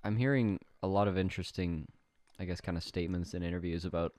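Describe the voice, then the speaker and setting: Deep-voiced opinionated young man. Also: steady tone, darkish tone, no echo, studio quality. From Canada. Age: young adult. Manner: opinionated, deliberate, casual swearing. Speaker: podcast co-host. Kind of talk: casual chat.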